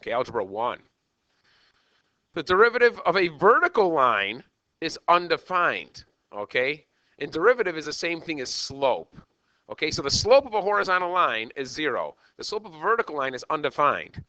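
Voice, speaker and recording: A man running a math lesson in an animated, bouncing voice that sits a little high and rings bright. He keeps checking in with "okay" as he goes. The sound is dry and a bit dull, like a lo-fi recording. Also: moderate pace, no echo. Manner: animated, repeats "okay" often. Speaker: math teacher. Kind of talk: classroom lecture.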